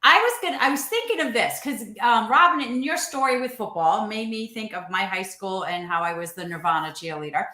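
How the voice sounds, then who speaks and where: Casting: lively woman co-host, bright tone, roomy echo. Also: mid-range voice, brisk, hardly any pauses. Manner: animated, laughing storyteller. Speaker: podcast co-host. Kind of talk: casual panel chat.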